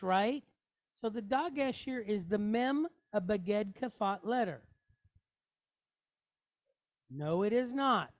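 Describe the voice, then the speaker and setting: A woman of middle pitch leads a Hebrew reading lesson, sounding out words one syllable at a time. She speaks slowly and patiently and often stops to ask a question before she answers it. Her voice is close to the mic, and the room is dry. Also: no echo. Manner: patient, step-by-step, asks rhetorical questions. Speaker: Hebrew teacher.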